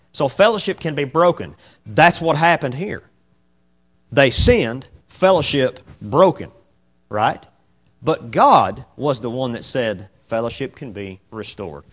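A man leads an informal Bible study in a folksy, lively manner. He keeps asking his listeners questions and drives his points home. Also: medium pitch, breathy edge. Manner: folksy and animated, asks the group many questions. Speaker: preacher teaching a Bible class.

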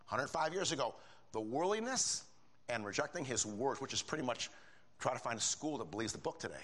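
An older man delivers a sermon with a lively, swooping voice that jumps up high for emphasis. He talks in a folksy, conversational way, full of asides to his listeners. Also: fairly quick. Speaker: preacher.

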